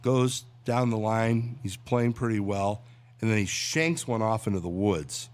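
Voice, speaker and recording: A man's voice: fairly low pitch, a little slow. A man who works in radio and voiceovers, a guest chatting casually and telling jokes with acted voices. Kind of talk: casual chat and joke-telling.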